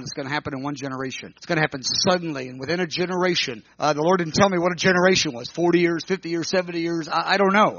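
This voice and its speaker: Fervent high-voiced preacher man. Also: dry recording, dull audio. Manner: fervent, swinging from hushed to crying out. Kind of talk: sermon. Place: room with a gathered audience.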